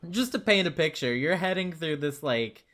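A man retelling video game scenes with animated energy, often breaking into laughter. His voice is bright and forward, pitched a little above average, and he paints each scene in quick, vivid strokes. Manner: animated storytelling, laughs while talking. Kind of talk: casual video game discussion.

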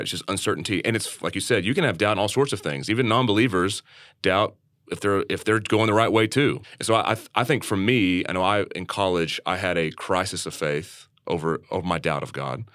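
A low-pitched man speaks earnestly on a podcast about faith, telling his own story in a candid, conversational way. He often restarts and repeats words as he thinks aloud. The sound is close and dry, with no room echo. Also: a bit bright. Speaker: church leader and podcast co-host.

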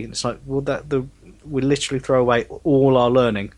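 Animated man, mid-pitched voice. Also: fairly quick. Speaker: guest. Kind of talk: casual political discussion.

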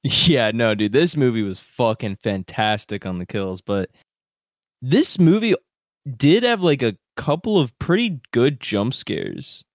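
A man casually chatting about a horror film as a podcast co-host, excitable, laughing often and swearing freely. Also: mid-range voice, a little slow, dry recording, studio quality. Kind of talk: casual horror movie review chat. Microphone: computer microphone.

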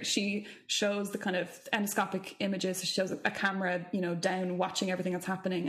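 A woman singing teacher in casual chat, animated and curious, with quick asides. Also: mid-range voice.

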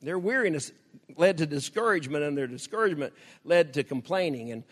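Folksy older preacher, lively. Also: male voice, on the high side, a little fast, big-room sound. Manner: folksy, laughs often, acts out quoted prayers. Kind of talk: conversational sermon.

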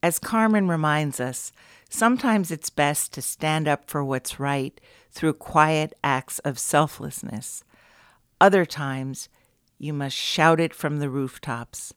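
Podcast host lady, deep smooth voice, reads her script nice and even. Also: slow, no echo, studio quality. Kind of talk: scripted narration.

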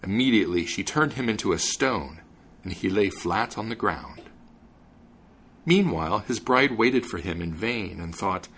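A man hosting a podcast and reading a fairy tale aloud in an expressive, measured way. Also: on the low side. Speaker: podcast host and narrator.

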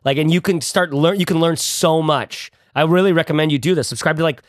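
A male podcast co-host chatting casually, animated and playful, talking in quick bursts. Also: fairly high pitch, dry recording, clean studio sound. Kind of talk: casual chat.

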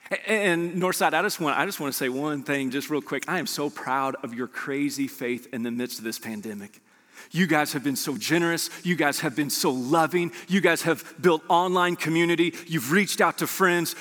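Forceful, joking pastor in a big hall. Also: male voice, fairly high pitch. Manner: animated and conversational, with joking asides. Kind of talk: sermon. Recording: long reverb of a large hall.

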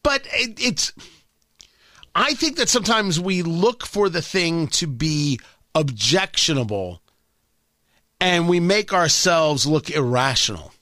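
Lively, bright-voiced combative radio host man. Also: on the high side, takes it slowly, dry recording, clean studio sound. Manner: combative, sarcastic, emphatic. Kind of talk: opinionated talk radio monologue.

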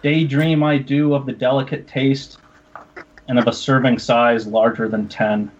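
A man's voice: mid-range voice, level tone, a little slow, dull audio, a little hiss or hum. A man co-hosting a podcast, reading a silly poem in a mock-serious way and breaking into giggles. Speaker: podcast co-host. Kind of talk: casual chat, comic poem reading.

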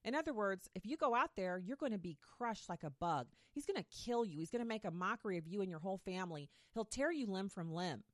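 A woman's voice: mid-range voice, expressive, fast talker, hardly any pauses, dry recording, studio quality. A woman casually retelling a Bible story in a playful way, with modern slang asides.

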